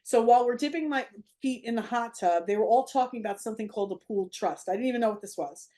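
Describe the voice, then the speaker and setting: A woman's voice: fairly high pitch, lively intonation, dark tone. A middle-aged woman giving a motivational talk as a parent coach, emphatic and blunt. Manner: emphatic and blunt, with quick acted quotes.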